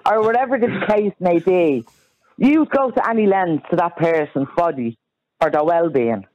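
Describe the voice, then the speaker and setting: A woman speaking as a radio panelist, animated and insistent as she defends her view. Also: lowish voice, normal speed, lo-fi sound. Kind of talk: talk radio discussion.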